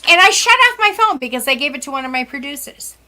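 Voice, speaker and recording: A woman with a high, bright voice telling ghost stories in casual chat. She plays out every quoted line with sighs and laughs. She is a guest on a podcast. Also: fast. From Central West Massachusetts. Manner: animated, acts out quoted dialogue with sighs and laughs. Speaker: psychic medium guest. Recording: podcast interview.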